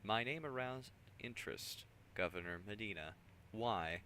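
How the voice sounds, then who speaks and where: A man's voice: fairly low pitch, animated, measured pace, bright, forceful tone, slight background noise, exaggerated voice. A man voicing a solemn, zealous male tech priest, reading the lines in a formal, stiff way.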